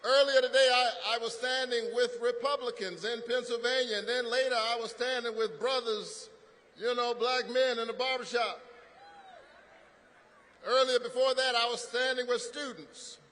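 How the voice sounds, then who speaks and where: A man's voice: very high-pitched, fairly even intonation, normal speed, pushed and bright. A man, a pastor, giving a rousing political rally speech in a preacherly call-and-response style. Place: large rally venue. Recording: long arena reverb.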